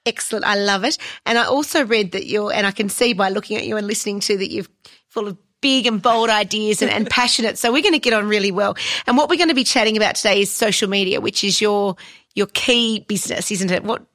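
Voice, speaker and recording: A woman's voice: mid-range voice, fast talker, dry recording. Enthusiastic woman hosting a podcast. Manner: warm, enthusiastic interviewer. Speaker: podcast host. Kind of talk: podcast interview.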